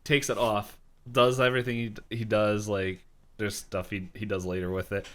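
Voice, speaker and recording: A man's voice: fairly low pitch, level tone, moderate pace, fairly bright tone. A man co-hosting a podcast, chatting casually about a cartoon and laughing a lot. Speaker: podcast co-host. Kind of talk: casual recap chat.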